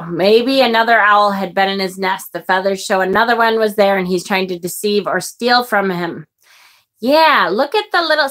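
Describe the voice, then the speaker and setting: Her voice is mid-range and fairly bright as this middle-aged woman chats casually on a live tarot stream. She says hello to viewers, reads their comments, and grows emotional at the card pictures, exclaiming and gasping.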